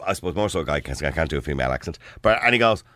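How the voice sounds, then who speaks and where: A man's voice: very deep voice, animated, racing, fairly bright tone, dry recording. An Irish man hosting a radio phone-in, joking and laughing with callers. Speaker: radio host.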